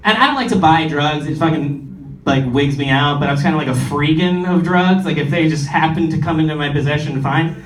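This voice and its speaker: A young man doing a stand-up comedy set, animated, swinging between big highs and low asides. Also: a little fast, few pauses. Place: comedy club stage. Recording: roomy club, distant mic, audience. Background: audience laughter.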